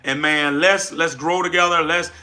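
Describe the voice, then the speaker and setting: A man from South Louisiana with a Southern accent, hosting a casual livestream and answering chat with energetic, repetitive, preacher-like emphasis. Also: on the high side, moderate pace. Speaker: livestream host, business coach.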